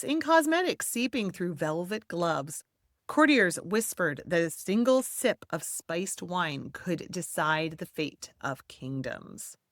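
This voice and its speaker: A woman's voice: medium pitch, no room sound, clean studio sound. Playful woman hosting a history show. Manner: playful, theatrical emphasis, chatty self-aware asides. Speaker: history podcast host. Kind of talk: scripted history narration with asides.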